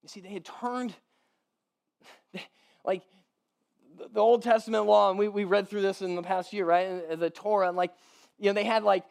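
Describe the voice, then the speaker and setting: A man's voice: high-pitched, fairly even intonation, normal speed, gravelly, long pauses, darkish tone, clean tone. A man giving a casual, conversational sermon as pastor. He repeats words as he goes, laughs lightly between points and keeps asking his listeners "right?".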